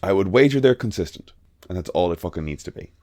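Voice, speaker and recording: Irish male podcast co-host, low-ish register, dry close recording, rambling and profane. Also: lively intonation, fast, a little mellow, dry recording. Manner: rambling, swears casually, frequent restarts. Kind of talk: casual chat.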